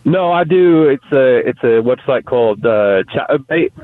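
A male caller from who speaks calmly and matter-of-factly. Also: mid-range voice, measured pace, no room sound. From London. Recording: dry phone line.

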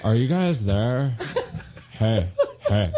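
A man imitating his pal Carl, a young guy who stretches every word into a slow drone. The voice sits in a slightly different timbre from his own, lazy and low-key, with a husky edge. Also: very animated, warm tone, heavily acted. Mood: goofy. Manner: slow, drawn-out greeting.

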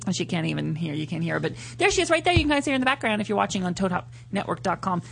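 A man hosting a live radio show in a studio, chatting in a casual, animated way and laughing often. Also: high-pitched, very fast, creaky, a little hiss or hum.

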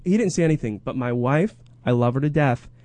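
A man telling a comedic story in casual chat, animated and jumping into exaggerated high voices when quoting people. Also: a little fast, no echo.

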